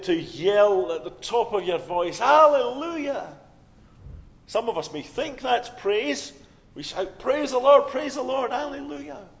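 A man preaching a sermon, telling stories with swings from loud, urgent passages to hushed ones. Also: high voice. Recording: long hall reverb, dull lo-fi sound.

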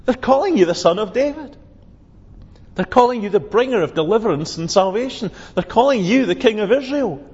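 A man preaches an earnest, emphatic sermon in a high, husky voice, his words ringing through a church's long reverb. The recording is dull and lo-fi. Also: expressive, brisk, a little mellow. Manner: earnest, emphatic preaching, rising on quoted cries. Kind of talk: sermon expounding scripture.

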